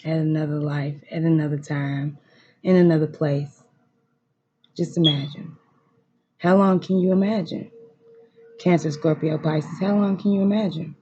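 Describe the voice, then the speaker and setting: A tarot reader speaks straight to viewers with a dark, mellow tone, full of emotion and repeating encouragement over and over. They swear freely and lean hard on each phrase. The home recording sounds slightly muffled and lo-fi, with a faint hiss behind the voice. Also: mid-range voice, steady tone, normal speed, pauses often. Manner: emphatic, repetitive, profane, emotionally intense. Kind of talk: tarot card reading, direct address to viewers. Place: room at home.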